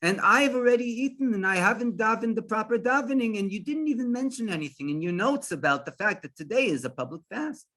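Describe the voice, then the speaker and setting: A man's voice: fairly high pitch, sing-song, unhurried, fairly bright tone, full character voice. A man voicing an anxious, pious village farmer who exclaims in panicked disbelief. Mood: alarmed.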